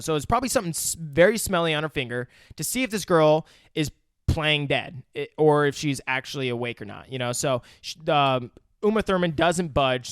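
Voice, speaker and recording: Excitable swearing man recapping a movie. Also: a little high, clear, resonant tone, no room sound, clean studio sound. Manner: profane, excitable retelling of scenes. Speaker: podcast co-host. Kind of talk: casual movie review chat.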